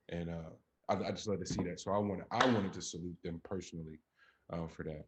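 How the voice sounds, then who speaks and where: A man with a very deep voice holds forth in relaxed podcast chat. He talks with blunt conviction, lacing his points with profanity and climbing in energy when he presses an argument. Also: quick pace, a little hiss or hum. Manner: emphatic, profane, builds up to animated peaks. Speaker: podcast co-host. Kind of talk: casual chat.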